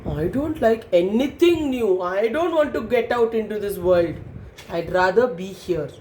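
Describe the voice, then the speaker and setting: A woman's voice: mid-range voice, animated, measured pace, darkish tone, natural voice. A woman storyteller voicing a shy, anxious baby kangaroo boy who talks in a timid, pleading way. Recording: echoey room, faint noise.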